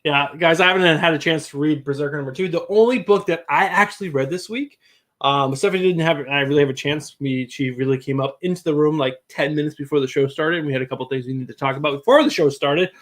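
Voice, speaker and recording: A man's voice: a little high, fast, a bit bright. A man co-hosting a casual live stream, talking in an easygoing, rambling way. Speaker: co-host.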